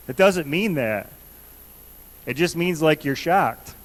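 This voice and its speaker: A man's voice: fairly high pitch, lively intonation, slow, long pauses, poor audio. A man preaching a conversational sermon in a church, earnestly repeating questions to the congregation. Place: church sanctuary.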